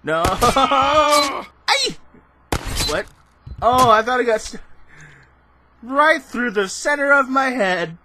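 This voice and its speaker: A young man doing let's play commentary, excitable and laughing, shouting in bursts. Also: very high voice, slow, pauses often, slight background noise. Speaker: gaming channel host.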